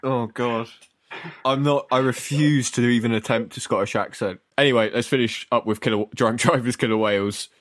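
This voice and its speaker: A man hosting a casual podcast, animated and sweary as he tells stories. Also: mid-range voice, normal speed, dry recording, clean studio sound. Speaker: podcast host. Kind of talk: casual chat.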